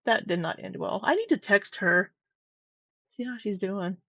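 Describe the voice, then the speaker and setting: A woman's voice: mid-range voice, very animated, normal speed, a bit bright, slightly rough, dry recording. A middle-aged woman doing casual reaction commentary, teasing, sarcastic and freely profane. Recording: dull, dry, slightly lo-fi sound.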